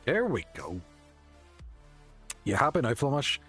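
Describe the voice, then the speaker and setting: A man's voice: mid-range voice, huge pitch swings, unhurried, fairly bright tone, husky. Rambling jokey man. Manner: jokey, rambling, self-mocking. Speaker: streamer playing a video game. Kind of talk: casual gaming chat. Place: home, at his desk. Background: faint game music.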